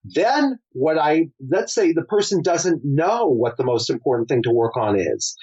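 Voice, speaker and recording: A man's voice: on the high side, darkish tone, slightly rough, muffled recording. A middle-aged male psychologist, a guest on an interview, explaining his method through a storytelling client case. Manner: storytelling, acts out client quotes.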